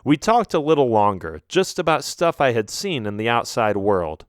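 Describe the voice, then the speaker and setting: A man reading a children's ghost story aloud as an audiobook narrator, telling it in an expressive storytelling manner. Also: medium pitch, moderate pace, dry recording, clean studio sound. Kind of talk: scripted narration.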